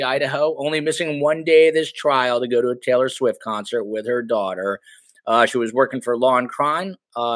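Man, medium pitch, upbeat chatty host, dry recording. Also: fairly bright tone, no echo. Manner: upbeat, chatty, hypes guests and audience. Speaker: podcast host. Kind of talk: casual interview hosting.

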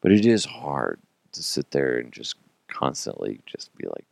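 A man's voice: very deep voice, wildly swooping pitch, measured pace, gravelly, dry recording. A man in his thirties hosting a casual podcast, telling rambling, self-mocking stories, acting out quotes and swearing. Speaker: podcast host.

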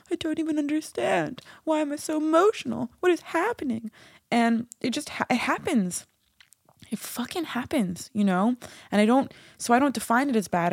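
A woman's voice: medium pitch, a little mellow, no room sound, clean studio sound. A woman hosting her own podcast, talking candidly and casually, swearing freely and poking fun at herself. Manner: frank, swears freely, self-mocking. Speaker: podcast host.

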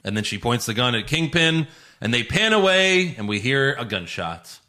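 Male podcast host, animated recapper, bright and tense tone, pitch swinging widely. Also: moderate pace. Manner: animated, laughs often, acts out quotes. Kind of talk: casual chat recapping a show.

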